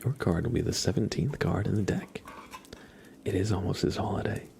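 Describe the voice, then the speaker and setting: A man hosting a whispered ASMR livestream chat, talking in a soft, rambling whisper. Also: low voice, fairly quick, vocal fry.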